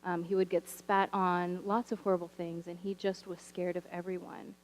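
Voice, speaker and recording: A woman's voice: lowish voice, moderate pace, poor audio. Wry storytelling woman preaching. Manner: animated, wry storytelling with humorous asides. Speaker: teacher sharing a story from the pulpit. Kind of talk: storytelling sermon. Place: church sanctuary.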